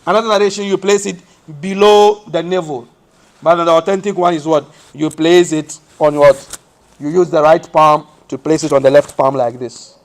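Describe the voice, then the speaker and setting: A man's voice: fairly high pitch, fairly even intonation, normal speed. A man from Africa, teaching a study lesson in a mosque. He asks rhetorical questions and answers them himself, explaining step by step. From West Africa. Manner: explains step by step, shows hand positions as he speaks. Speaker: Islamic teacher.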